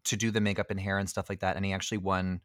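A man's voice: low voice, rapid-fire, no echo. Male podcast co-host, loose and filler-heavy, recorded dry and close. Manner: chatty, many fillers, animated asides. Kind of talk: casual movie review chat.

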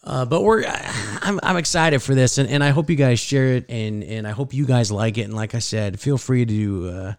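A man's voice: mid-range voice, normal speed, few pauses, dry recording. Midwest guy cohosting a podcast, rambly and easily flustered, dry close mic. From American Midwest. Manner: rambling storyteller, gets flustered. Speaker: podcast co-host. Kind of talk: casual chat.

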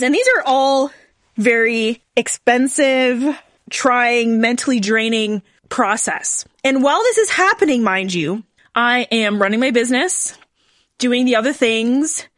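Candid, high-voiced woman in her forties. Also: a bit bright, dry recording, clean studio sound. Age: 40s. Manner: candid, emotional, tearful at times; frequent "right?" and "like". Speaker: podcast host. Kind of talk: personal storytelling to an audience.

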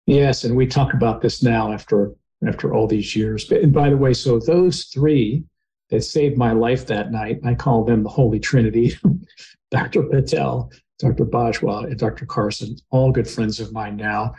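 A man's voice: medium pitch, normal speed, dark tone, poor audio. A man, a podcast guest, earnestly retelling a personal experience in conversation, sometimes getting emotional.

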